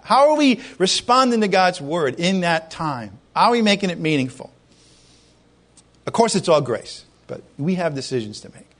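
Animated, high-voiced male preacher. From Irish heritage. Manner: animated, conversational preaching with rhetorical questions. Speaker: pastor. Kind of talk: sermon.

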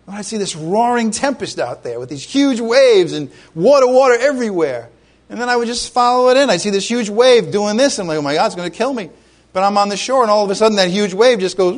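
Middle-aged male pastor from Rhode Island, high voice, chatty animated sermon with congregation asides.

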